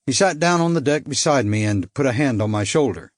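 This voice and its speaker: A man's voice: medium pitch, animated, dry recording. Dry-voiced male audiobook narrator. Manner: dry, measured storytelling. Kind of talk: first-person thriller narration.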